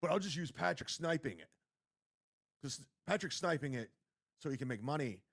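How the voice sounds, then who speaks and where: Male streamer, ranting and mocking, somewhat high voice that swings widely. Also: lively intonation, moderate pace, creaky, a bit bright. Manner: mocking, ranting, heavy swearing. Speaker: streamer reacting to a clip. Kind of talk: livestream commentary.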